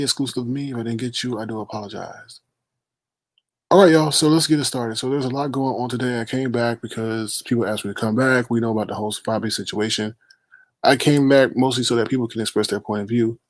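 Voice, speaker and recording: A man's voice: mid-range voice, steady tone, quick pace, no room sound. A man hosting a casual late-night live stream, greeting viewers by name in a playful, teasing way.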